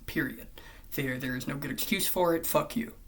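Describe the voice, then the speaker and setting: A vlogger ranting in commentary style, swearing often and swinging between loud outbursts and hushed near-whispers. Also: medium pitch, moderate pace.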